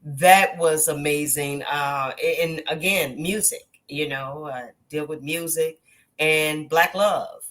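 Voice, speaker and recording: A woman with a low voice tells stories from her acting work at a slow, easy pace. She acts out the quotes as she goes and laughs often, in a loose, casual interview. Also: fairly bright tone. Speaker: actress guest.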